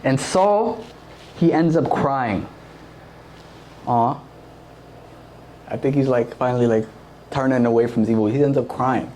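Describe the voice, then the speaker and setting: A man's voice: medium pitch, a little slow, pauses often, dark tone, slight background noise. A young man giving a casual, conversational sermon to a youth group, full of fillers and acted-out quotes. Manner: conversational, filler-heavy, acts out quoted voices. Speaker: youth preacher.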